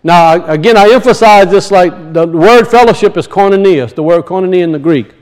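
A man with a high-pitched voice preaching a sermon. He speaks emphatically, repeats his key points, and calls out to his congregation for a response. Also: fairly quick, clear, resonant tone, rough recording. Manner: emphatic and repetitive, calling out to the congregation.

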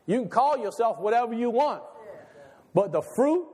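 Male pastor, very high voice, animated sermon delivery with a long hall reverb. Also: normal speed. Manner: animated preaching, rhetorical questions, laughs between lines.

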